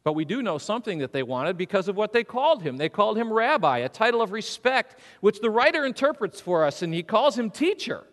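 A male pastor preaches in a high, expressive voice that moves freely up and down, repeatedly putting questions to the congregation. His animated sermon includes quick acted-out quotes, and the church sanctuary adds a long reverb.

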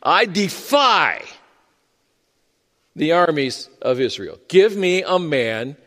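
A man voicing a boastful, mocking giant warrior who shouts his challenge, heard with the long reverb of a large hall. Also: fairly high pitch, very animated, slow, heavily acted. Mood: taunting. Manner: taunting, loud and defiant.

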